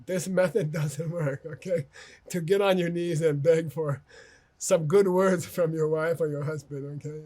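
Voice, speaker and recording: A man giving a relaxed lecture for an online course, his voice sitting a little high and carrying a husky edge. He keeps it conversational, tucking "okay?" and "you know" between his points. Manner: tells anecdotes about himself. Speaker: teacher.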